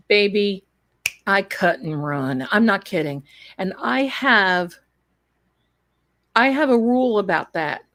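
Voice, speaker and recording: Taking her time, a medium-pitched storyteller guest from Tennessee tells casual tales on a live stream, laughing readily. Her delivery is animated, and she slips into put-on voices whenever she quotes someone.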